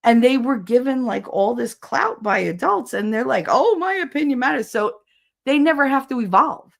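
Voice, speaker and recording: A woman's voice: fairly high pitch, moderate pace, creaky, fairly bright tone. Blunt, swearing woman livestream host. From New Jersey. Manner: blunt, swearing, laughing often. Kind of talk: casual livestream chat reading comments.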